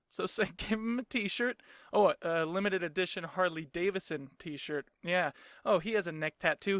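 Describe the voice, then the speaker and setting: On his own podcast, a young man rants solo in a casual, sarcastic way, swearing and frequently laughing. His voice sits high with a fairly bright, clean tone, and the studio recording is clean, with no echo.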